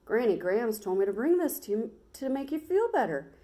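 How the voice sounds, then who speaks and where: A woman's voice: on the high side, big pitch swings, normal speed, dark tone, voice pushed up. A woman reading a storybook aloud, voicing an earnest little country boy who talks in an eager, folksy way.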